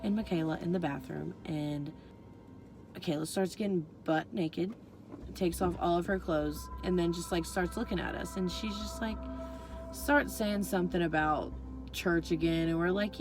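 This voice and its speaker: Young adult female vlogger, loose rambling storyteller, heavy profanity, soft music bed underneath. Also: on the low side, moderate pace, low-quality recording. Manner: swears freely, rambling with constant fillers. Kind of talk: casual storytelling.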